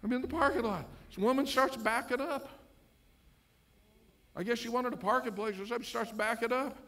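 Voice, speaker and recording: A pastor preaching a sermon in church, loud in the call-and-response and joking when he tells stories. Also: very high voice, brisk. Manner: storytelling, joking with the congregation. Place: church sanctuary.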